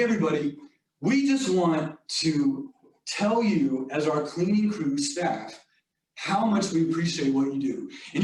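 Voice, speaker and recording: A man giving a motivational leadership talk, telling a workplace story in a conversational way with many asides to the audience. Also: high voice. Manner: storytelling, conversational with filler "like" and "you all". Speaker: leadership speaker. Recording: echoey room, distant mic.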